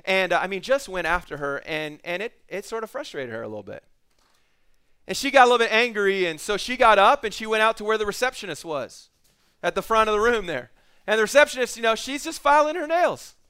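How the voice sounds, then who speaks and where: A man's voice: high voice, sing-song, brisk, sharp tone, clear, resonant tone. A man preaching a sermon, telling a story with acted quotes and swings of emphasis. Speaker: pastor.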